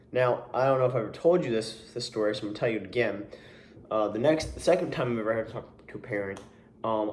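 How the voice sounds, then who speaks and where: A man's voice: on the low side, a little hiss or hum. A young man who works as a camp coach, telling a story in a casual vlog, rambling with many restarts and asides and sounding exasperated. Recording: roomy echo.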